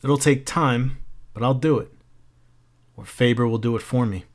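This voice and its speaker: A man's voice: medium pitch, steady tone, moderate pace, natural voice. A man voicing a troubled, searching fireman who talks earnestly and urgently.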